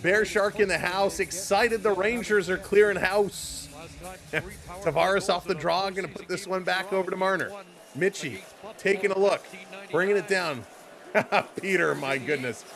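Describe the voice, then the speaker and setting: A man's voice: sits high, vocal fry, a bit bright, faint music behind. A man hosting a live stream, calling the play-by-play in a casual, chatty way and greeting viewers by name between calls. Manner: rapid play-by-play calling of hockey action. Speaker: live-stream sports host.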